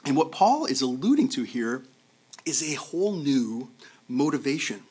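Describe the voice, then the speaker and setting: A man's voice: mid-range voice, very animated, moderate pace, darkish tone, husky. Conversational male preacher giving a sermon. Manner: conversational, checks in with "okay?", repeats words. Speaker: pastor.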